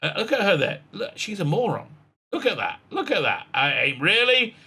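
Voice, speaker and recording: A man's voice: high voice, sing-song, normal speed, pushed and bright, slightly rough. A man giving sarcastic commentary, reading quotes aloud with lots of fillers and laughs. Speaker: commentary vlogger.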